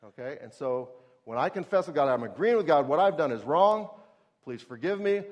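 A man's voice: a little high, animated, moderate pace, darkish tone, muffled recording. Conversational male preacher. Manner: conversational, asks the audience questions and acts out scenes. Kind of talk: sermon.

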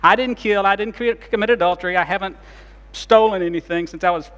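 A man preaching a sermon as pastor, retelling scenes dramatically and shifting between loud and soft delivery. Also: sits high, a little fast, in a large hall.

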